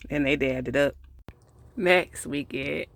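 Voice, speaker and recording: A man's voice: mid-range voice, slow, vocal fry, fairly bright tone. A man casually recapping a TV episode in a rambling, easygoing way, with plenty of fillers and laughing at the characters. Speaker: TV episode reviewer.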